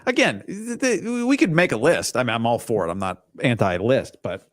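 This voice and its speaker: A man's voice: mid-range voice, very animated, moderate pace, dry recording. Guy hosting sports talk, reads listener comments, blunt takes, sarcastic, dry close mic. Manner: opinionated, blunt, sarcastic asides. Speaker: sports talk show host.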